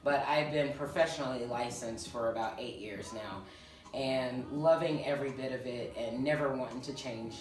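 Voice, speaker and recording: A woman in her thirties from Georgia with a low voice tells chatty, laid-back stories about her salon work. She sits away from the mic in an echoey room. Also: moderate pace, a little mellow. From Georgia, US South. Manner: laid-back, chatty storyteller, laughs often. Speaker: hairstylist and salon owner, co-host. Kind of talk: casual chat. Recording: roomy, from a distance.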